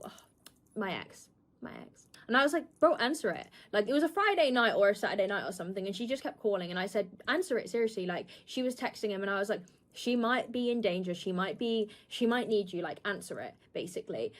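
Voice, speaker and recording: Young woman telling a candid story. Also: mid-range voice. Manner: candid, swearing, acting out quotes. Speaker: streamer. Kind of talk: casual storytelling chat.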